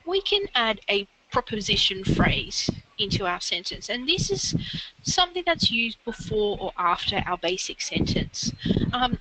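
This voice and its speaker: A woman's voice: fairly high pitch, heavy background noise. A woman tutoring a learner in literacy, explaining grammar step by step and encouraging them. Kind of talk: one-on-one literacy lesson.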